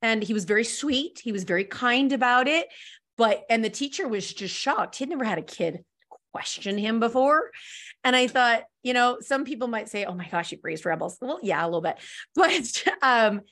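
A woman's voice: fairly high pitch, animated, moderate pace. A middle-aged woman, a homeschooling mother who is a podcast guest, telling stories in casual conversation and laughing often. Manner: storytelling, laughs often, warm and earnest.

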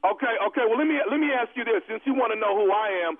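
A man's voice: very high-pitched, racing, crowd noise. A man making a prank phone call for a radio show, pushy, slangy and insistent. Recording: tinny phone line, dry.

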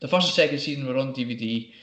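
A man's voice: medium pitch, very fast, fairly bright tone. Man, rambling storyteller. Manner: rambling storyteller, acts out quotes. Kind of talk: casual chat. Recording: roomy, dull lo-fi sound.

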